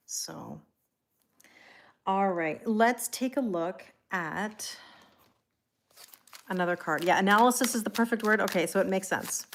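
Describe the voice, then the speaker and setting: A woman doing a live-stream tarot reading, talking casually and rambling, greeting viewers by name with lots of fillers and self-corrections. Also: fairly low pitch. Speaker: tarot reader.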